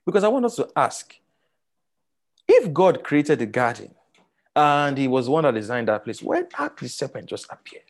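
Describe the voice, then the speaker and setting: A man with a Nigerian accent teaching a sermon, animated and repeating words for emphasis, with many fillers. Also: mid-range voice, moderate pace. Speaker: Bible teacher.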